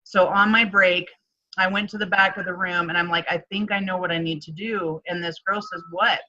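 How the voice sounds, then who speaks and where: A woman coach telling a personal story in a casual interview, animated and chatty, often acting out what others said. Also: on the low side, a little fast, highs cut off. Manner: animated, acts out quoted dialogue, frequent "like". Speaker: guest, transformation coach.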